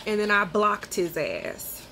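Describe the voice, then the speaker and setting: A woman casually telling a personal story, swearing freely and acting out her own sharp comebacks. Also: medium pitch, slow, gravelly, a little hiss or hum. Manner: profane, animated, quotes people in sharp outbursts.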